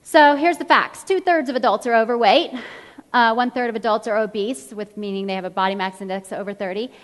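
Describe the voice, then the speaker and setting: A woman's voice: on the high side, brisk. A woman in her thirties, a fitness trainer, giving a motivational stage talk and telling stories while acting out the people in them. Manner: animated storyteller, acts out quotes. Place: large event hall. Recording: long hall reverb.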